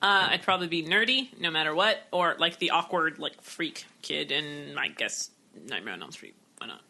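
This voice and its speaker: A chatty, self-deprecating woman co-hosting a podcast, her speech full of casual fillers. Her voice is bright and sharp, with faint noise underneath. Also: deep voice, expressive, moderate pace, creaky. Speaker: podcast co-host. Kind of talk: casual panel chat.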